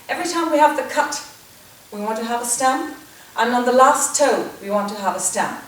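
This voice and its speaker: A woman dance teacher giving step-by-step instruction, counting beats and calling out steps in a steady rhythm. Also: on the high side, normal speed. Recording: echoey, distant, noisy room sound.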